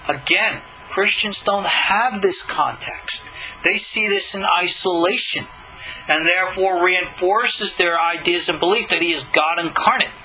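A man giving an animated lecture as a Jewish religious teacher, commenting on scripture, with swooping emphasis and stretched key words. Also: sits high, a little hiss or hum, rough recording.

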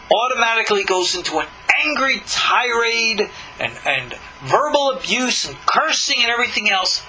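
A man giving an animated lecture as a Jewish religious teacher, commenting on scripture, with swooping emphasis and stretched key words. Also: sits high, slight background noise, poor audio.

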